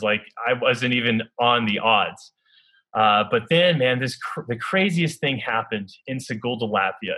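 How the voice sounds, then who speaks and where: Young athlete, earnest storyteller, low-ish bright voice, halting with lots of fillers. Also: male voice, low-quality recording. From United States. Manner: earnest, halting, filler-heavy with many restarts. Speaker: Olympic luge athlete. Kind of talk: personal storytelling.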